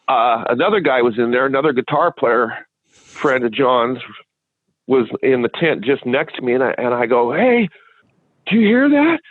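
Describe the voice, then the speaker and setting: A man from Washington State, a guest in an interview, telling a long rambling story with halting restarts. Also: medium pitch, dry recording. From Washington State, USA. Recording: dry, tinny phone line.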